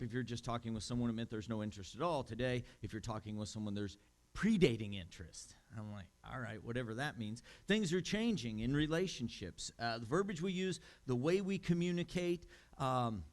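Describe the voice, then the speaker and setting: A man preaching a sermon as pastor, conversational with fillers and amused asides. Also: medium pitch. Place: church.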